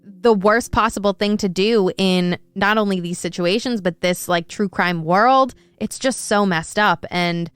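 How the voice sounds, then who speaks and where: A woman's voice: medium pitch, measured pace, hardly any pauses, smooth, dry recording. A woman co-hosting a true crime podcast, reading news quotes and ranting indignantly with frequent swearing.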